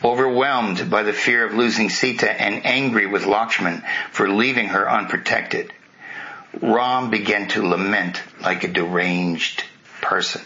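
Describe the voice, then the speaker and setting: Male spiritual teacher, lowish voice, retelling scripture with chatty asides, slightly muffled recording with faint hiss. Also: fairly even intonation, a little slow, bright, forceful tone. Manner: conversational, with asides to listeners.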